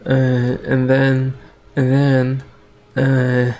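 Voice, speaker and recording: A man's voice: medium pitch, monotone, drawn-out words, darkish tone. A man improvising a spoken story in a rambling, hesitant way, with many restarts and fillers.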